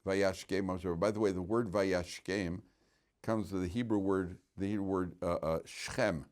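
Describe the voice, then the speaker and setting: A man's voice: low voice, steady tone, moderate pace, darkish tone. A man teaching a Torah class in a casual, joking way, asking the room questions and often restarting his sentences. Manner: chatty, joking, many restarts and rhetorical questions. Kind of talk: informal Torah lecture.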